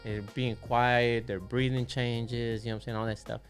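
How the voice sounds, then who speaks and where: A man's voice: mid-range voice, level tone, moderate pace, faint music behind. Laid-back streetwise man telling a story. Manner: laid-back, streetwise, peppered with "you know what I'm saying". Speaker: tattoo artist guest. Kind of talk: casual podcast storytelling.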